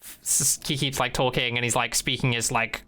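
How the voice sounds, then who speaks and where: A podcast co-host in a casual chat, retelling a TV episode in an animated, rambling way, acting out the scenes. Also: mid-range voice, fairly quick.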